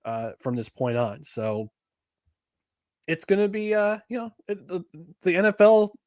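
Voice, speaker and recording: A man's voice: high voice, sing-song, unhurried, a little mellow, dry recording, studio quality. A man co-hosting a casual podcast, rambling with many restarts and fillers. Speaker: podcast co-host.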